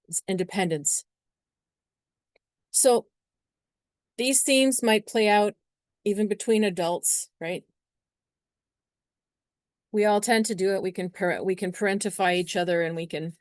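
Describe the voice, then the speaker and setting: Chatty low-voiced woman astrologer. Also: a little mellow, no echo, clean studio sound. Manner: chatty and meandering, acting out little scenes. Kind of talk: casual astrology talk to camera.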